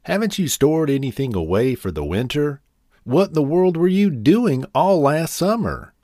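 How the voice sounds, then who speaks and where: A man's voice: a little high, sing-song, normal speed, warm tone, no echo, studio quality, voice pushed up. A man voicing an earnest, hardworking male ant in a storybook reading, firm and matter-of-fact. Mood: surprised.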